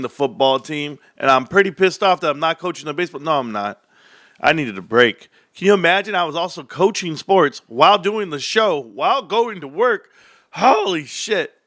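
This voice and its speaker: A young adult man from the United States, hosting a casual livestream rant, swinging from low mumbles to loud outbursts. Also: no room sound, clean studio sound. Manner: animated, swings from mumbling to near shouting. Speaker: livestream host.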